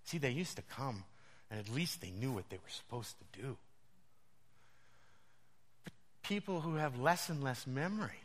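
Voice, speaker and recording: A male pastor preaching a storytelling sermon, animated and often laughing as he tells his stories. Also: a little high. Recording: long reverb of a large hall.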